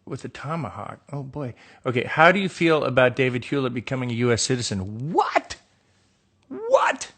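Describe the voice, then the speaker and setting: Talking a little fast with hardly any pauses, this middle-aged American man has a mid-range, somewhat bright voice. He's hosting a casual solo phone live stream from an indoor room with a window, reading fan questions out loud and answering with dry, joking sarcasm.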